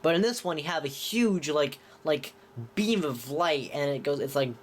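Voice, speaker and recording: A man's voice: on the high side, animated, moderate pace. A man giving a casual movie review, rambling with many restarts and talking enthusiastically. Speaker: film reviewer.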